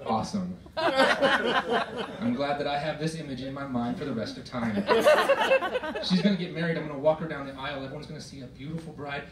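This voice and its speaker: A middle-aged man doing a stand-up set, telling his stories with exasperation and sudden shouted bursts. His voice sits a little high and swings widely in pitch. It is heard from a distance in a roomy performance hall, with heavy noise over the recording. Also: lively intonation, a little fast, long pauses. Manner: exasperated storytelling with shouted outbursts. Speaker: stand-up comedian. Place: performance hall with a live audience.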